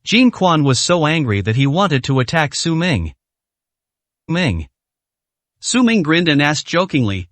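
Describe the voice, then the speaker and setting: A man's voice: fairly high pitch, sing-song, unhurried, long pauses, fairly bright tone, no echo. Man narrating a story, dry close sound.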